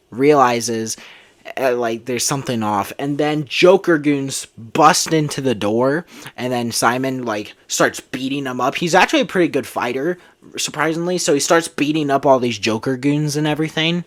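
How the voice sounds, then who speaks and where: A man's voice: mid-range voice, a bit bright. A man casually retelling a made-up movie plot, rambling with many fillers. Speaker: storyteller.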